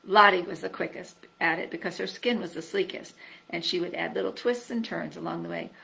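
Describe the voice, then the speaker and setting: Bright, gravelly woman reading a storybook. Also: fairly low pitch, brisk, poor audio. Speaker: storybook reader. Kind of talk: reading a children's book aloud.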